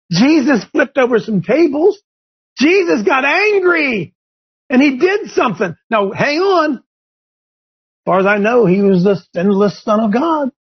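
A man hosting a Christian talk show, preaching with passion that rises to near shouts. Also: extremely high pitch, breathy edge. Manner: impassioned, rising to near shouts. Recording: dull lo-fi broadcast audio.

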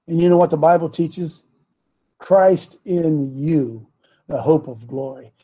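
A male talk show host preaches into a studio microphone in a rather high voice. His voice is husky. He speaks emphatically, repeats key lines and draws them out slowly for weight. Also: expressive, mellow.

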